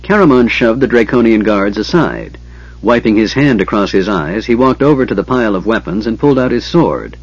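Low husky male audiobook narrator. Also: expressive, a little fast, no echo. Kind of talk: scripted fantasy narration. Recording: dull lo-fi audiobook recording.

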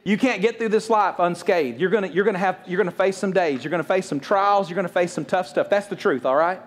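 Fast-talking, high-voiced male pastor preaching. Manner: fast, conversational preaching with quick jokes and acted-out quotes. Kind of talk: sermon.

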